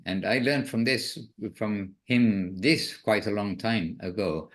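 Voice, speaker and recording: A man who is a spiritual teacher, giving an informal devotional talk in a musing, gently self-correcting way. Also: lowish voice, lively intonation, unhurried, few pauses.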